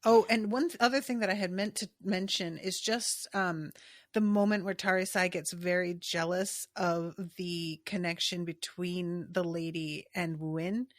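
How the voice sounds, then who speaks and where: A woman's voice: lowish voice, fairly even intonation, unhurried, no room sound. Candid woman podcast host, dry sound. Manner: casual and candid, swears freely. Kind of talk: casual book discussion chat.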